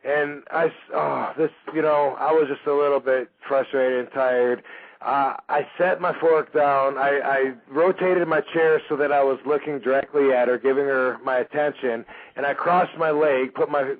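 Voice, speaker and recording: A man's voice: mid-range voice, moderate pace. A man hosting a radio show, telling a story casually with lots of fillers and acting out the voices of the people in it. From Michigan, USA. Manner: animated, acts out quoted voices, frequent fillers. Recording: phone-like narrow band radio audio.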